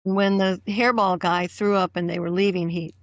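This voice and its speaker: A woman's voice: lowish voice, steady tone, normal speed, dry recording. A woman fan on a podcast panel, chatting casually and retelling scenes from the show.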